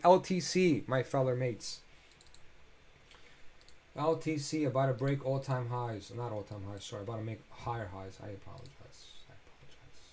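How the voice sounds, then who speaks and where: A man's voice: fairly low pitch, darkish tone, slight background noise. Chatty man talking through crypto charts. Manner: loose, chatty, thinks aloud with filler sounds. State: tired, yawning. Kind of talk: casual screen-share chart commentary.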